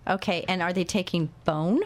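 A woman's voice: lowish voice, fairly even intonation, normal speed. A woman hosting a radio talk show, interviewing a guest and making earnest, urgent appeals to listeners.

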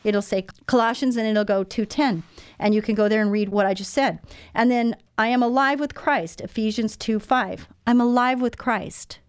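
A woman's voice: on the high side, moderate pace, smooth, no room sound. A woman in her sixties hosting a Christian radio talk show, speaking earnestly and personally to her listeners. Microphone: studio microphone.

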